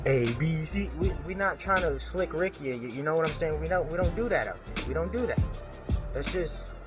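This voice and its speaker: A young man ranting casually to camera, animated, mocking and full of slang. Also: a little high, normal speed, over music. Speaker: vlogger. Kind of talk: casual comedic rant to camera.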